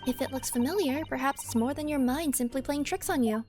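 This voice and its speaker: Lady playing a snooty prosecutor guy from a game, condescending and slow, faint music. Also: sits high, darkish tone, close to an everyday voice. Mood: cold. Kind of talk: voicing a game character on stream.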